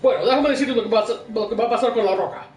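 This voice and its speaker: A man's voice: extremely high pitch, very fast, a little mellow, echoey room, far from the mic, soft background music. A man doing a hyped Spanish-language wrestling announcer.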